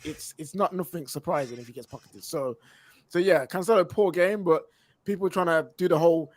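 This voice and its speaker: A man talking football as a panelist on a fan reaction show, in animated, slangy banter. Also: fairly high pitch, fairly quick. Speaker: football pundit. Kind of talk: casual chat.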